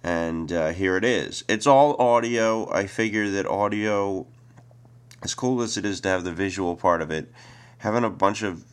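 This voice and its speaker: A man casually wrapping up a recording of his own comedy sets, offhand and relaxed, with many fillers. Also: lowish voice, normal speed, clear, resonant tone. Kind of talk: casual spoken outro.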